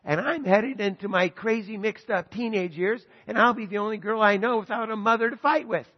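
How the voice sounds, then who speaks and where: A man's voice: high voice, brisk, pitched above the performer's own voice. An eager tween girl speaks in a raised voice, as a male preacher quotes her. A long hall reverb surrounds the voice, and the recording sounds dull.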